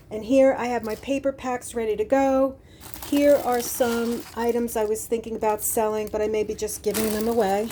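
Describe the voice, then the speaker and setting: A woman's voice: a little high, mellow, a little hiss or hum. A retired woman giving a chatty, meandering craft room tour, out of breath, filmed on a handheld phone. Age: older. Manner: chatty, meandering, with many ums. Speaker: craft vlogger. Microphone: phone held in hand.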